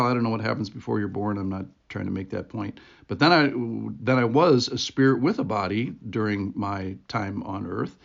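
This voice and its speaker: Gravelly man giving earnest devotional talk. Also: mid-range voice. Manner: earnest, conversational, reflective. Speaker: devotional podcast host. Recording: dull lo-fi recording.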